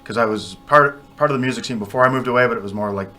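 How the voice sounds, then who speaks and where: A chatty man telling stories on a radio show with a bright, forceful voice. He is self-deprecating and laughs easily as he talks. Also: medium pitch, very fast, faint music behind. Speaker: band member guest. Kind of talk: casual radio interview storytelling.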